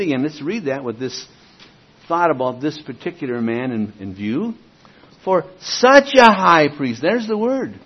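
A man preaching in a husky, slightly raised voice that swings widely as he stresses key words. He reads scripture and talks it over in a casual, emphatic way. The recording is dull and lo-fi. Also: a little high. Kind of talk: expository Bible teaching.

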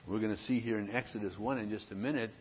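A man, a pastor, delivering an earnest, conversational sermon with frequent pauses. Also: fairly low pitch, steady tone, big-room sound, lo-fi sound, slight background noise.

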